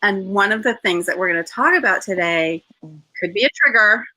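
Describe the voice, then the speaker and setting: A woman's voice: medium pitch, animated, brisk, bright, forceful tone, poor audio. Upbeat woman hosting a live podcast. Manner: upbeat, enthusiastic. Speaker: podcast host. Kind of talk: live interview. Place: New Zealand.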